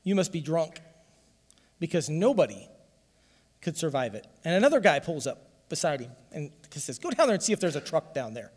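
A male pastor gives a heartfelt testimony from the pulpit, his somewhat high voice swelling into loud emphasis. The sound carries a long reverb from the church hall. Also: big pitch swings, fairly quick. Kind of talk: sermon.

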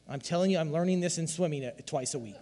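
Man, pastor preaching a sermon, slightly high voice, dynamic delivery, loud then hushed, long hall reverb. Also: fast talker.

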